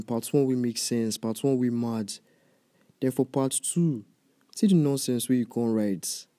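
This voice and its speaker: A young man with a Nigerian accent rants in loose, profane casual commentary, addressing the listener directly. His voice is dark and mellow. The recording is dry, with no room sound. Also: mid-range voice, no room sound. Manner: profane, heated, talks straight at the listener. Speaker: movie reviewer.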